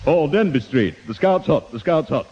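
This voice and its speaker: A man's voice: on the high side, expressive, moderate pace, background noise, natural voice. Actor as a bemused man, hums and haws, voice goes up and down a lot, muffled old radio. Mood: amused. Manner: hesitant, full of ums, amused. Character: good-humoured grown man in on the joke. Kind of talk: 1960s radio comedy acting. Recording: dull old radio recording.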